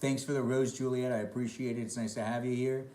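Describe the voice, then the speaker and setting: A man's voice: medium pitch, flat delivery, fast talker, dark tone, reverberant. A man chatting casually on a live stream while eating dinner, reading and answering chat comments between bites. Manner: talks between bites of food.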